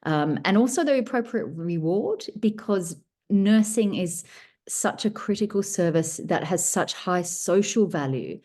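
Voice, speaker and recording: Low-voiced woman author on a call. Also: expressive, measured pace, dark tone. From Australia. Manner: thoughtful, rambling with restarts. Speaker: guest author. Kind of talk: casual workshop answer.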